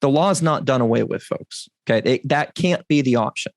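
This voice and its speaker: Deliberate, emphatic male podcast teacher. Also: mid-range voice, lively intonation, no room sound. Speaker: podcast host.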